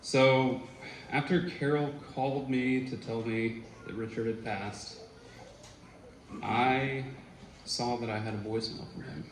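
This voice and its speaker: A man's voice: medium pitch, steady tone, unhurried. A man, a former student, telling casual stories at a memorial tribute, talking conversationally with fillers and quoted voices. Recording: echoey room with faint noise.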